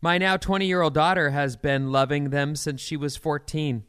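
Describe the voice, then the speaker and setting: A man co-hosting a radio talk show, reading listener texts and teasing his co-host in a deadpan way. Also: a little high, moderate pace, smooth, dry recording, clean studio sound. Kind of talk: casual radio banter.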